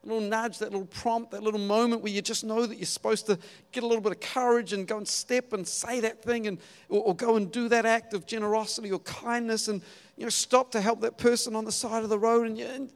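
A man preaching a sermon, telling the story in a lively way and acting out the quotes. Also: sits high, quick pace. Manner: animated storytelling with acted-out quotes and laughs.

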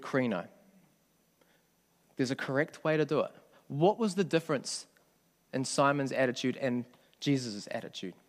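A man preaching a sermon in a conversational way, often asking the congregation questions. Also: fairly high pitch. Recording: long hall reverb.

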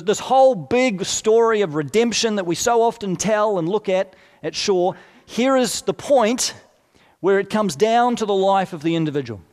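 Male preacher, high voice, chatty explanatory sermon, long hall echo. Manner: conversational, explanatory, asides and rhetorical questions.

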